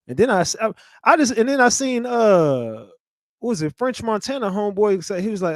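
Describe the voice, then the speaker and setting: A man's voice: high-pitched, very animated, fast, no echo, clean studio sound. A man hosting a reaction stream, talking bluntly in casual slang and calling the listener "fam" and "bro". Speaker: host reacting to clips. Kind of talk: casual commentary.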